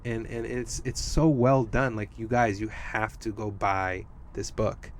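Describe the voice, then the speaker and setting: A man's voice: fairly low pitch, steady tone, a little slow, slight background noise. A man hosting a podcast, telling stories and encouraging his guest. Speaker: podcast host. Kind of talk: podcast interview.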